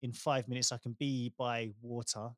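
A man's voice: mid-range voice, level tone, moderate pace, a bit bright, dry recording, clean studio sound. A man co-hosting a casual chat, speaking reflectively with lots of "you know"s and easy laughter. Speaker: podcast co-host.

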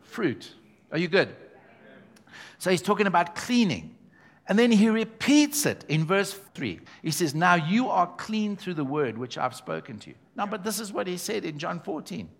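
A man's voice: sits high, sing-song, moderate pace, creaky. A man preaching a sermon to his church, emphatic and conversational, calling out to the congregation as he goes. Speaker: pastor.

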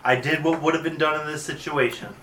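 A man's voice: on the high side, fairly even intonation, a little fast, fairly bright tone, recorded from a distance, a little hiss or hum. A man playing a tabletop role-playing game, joking and laughing easily. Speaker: player. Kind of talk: casual tabletop game play. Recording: echoey room.

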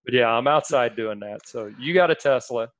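A man co-hosting a podcast, spinning a casual story with laughs along the way. His mid-pitched voice sits close and dry on the mic, with no room sound at all. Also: normal speed, fairly bright tone, no room sound. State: under the weather. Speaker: podcast co-host. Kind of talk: casual chat.

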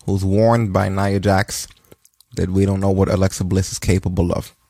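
A man's voice: deep voice, little pitch movement, normal speed, vocal fry, warm tone, no room sound. A man casually recapping wrestling results on a podcast, loose and profane, cracking jokes as he goes. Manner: loose, profane, joking storytelling. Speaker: podcast co-host.

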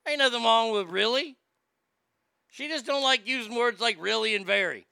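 High gravelly man, bright and crisp, sarcastic and crude, dry close sound. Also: moderate pace, no room sound. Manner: sarcastic, mocking, profane; animated, jumps into loud shouts. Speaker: streamer reacting to etiquette tips. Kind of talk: casual crude ranting.

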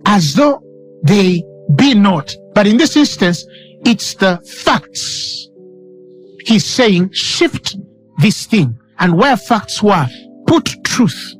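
A man preaching a sermon with emphatic delivery, repeating lines for stress and quoting scripture dramatically. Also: high voice.

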